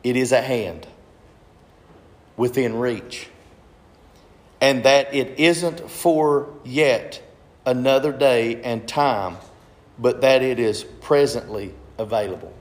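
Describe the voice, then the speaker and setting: A man's voice: mid-range voice, slow pace, pauses often, roomy sound. A man preaching a sermon, repeating phrases and asking the congregation questions.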